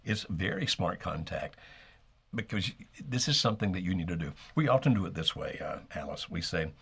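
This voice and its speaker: A man co-hosting a live call-in marriage advice show, calmly explaining what to do and acting out sample lines. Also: low voice, normal speed, gravelly, husky. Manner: calm, explanatory, acts out sample dialogue. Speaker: marriage coach co-host.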